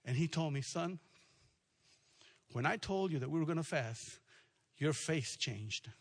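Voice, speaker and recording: A man's voice: a little high, expressive, a little slow. A man preaching a sermon, telling a story and building to emphatic, repeated declarations. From South Texas. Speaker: pastor.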